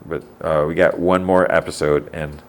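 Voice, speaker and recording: A man's voice: rumbling low, little pitch movement, moderate pace, a little hiss or hum. A man co-hosting a podcast, chatting casually about a TV episode and thinking aloud as he goes. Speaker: podcast co-host. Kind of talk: casual TV chat.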